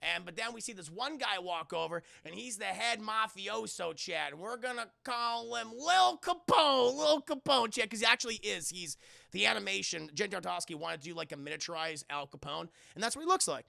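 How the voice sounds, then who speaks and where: A man's voice: high voice, brisk, creaky, sharp tone, dry recording, studio quality. A man reviewing a cartoon on a live stream, swearing a lot and rambling as he talks straight to his chat. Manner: profane, rambling, keeps addressing chat. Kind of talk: casual live-stream commentary.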